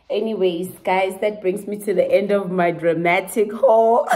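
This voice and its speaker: A South African woman talks through her clothing haul at an unhurried pace. Her middle-range voice swings into dramatic, gushing excitement, with frequent laughter. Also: mid-range voice, poor audio. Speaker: fashion vlogger. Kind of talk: casual try-on haul chat.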